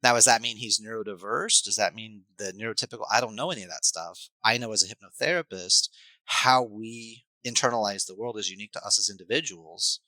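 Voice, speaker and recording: A man, a life coach and hypnotherapist, explaining his ideas in an animated, coaching way as a podcast guest. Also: fairly low pitch, fairly quick, dry recording, low-quality recording. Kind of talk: podcast conversation.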